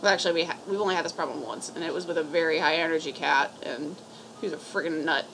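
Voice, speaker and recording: A woman's voice: deep voice, fast, fairly bright tone, slight background noise, rough recording. A woman from a cat rescue giving casual, blunt advice to camera, rambling and swearing freely.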